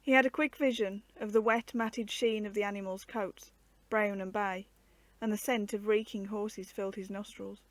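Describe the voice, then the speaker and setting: Storyteller: woman, mid pitch, steady measured reading, dry close sound. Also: no echo.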